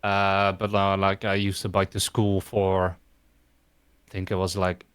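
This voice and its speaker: A man's voice: sits low, completely flat delivery, unhurried, a bit bright, clean tone. A man, a podcast guest telling rambling stories in casual chat. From Netherlands. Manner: rambling storyteller, laughs while talking.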